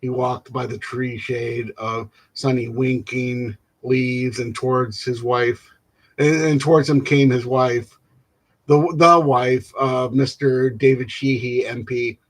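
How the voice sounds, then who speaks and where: A man reading a classic novel aloud without rehearsal, stumbling and restarting words and filling pauses with "uh". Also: mid-range voice, steady tone. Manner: halting, stumbles and restarts words, fills gaps with "uh". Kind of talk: unrehearsed reading aloud of literary prose.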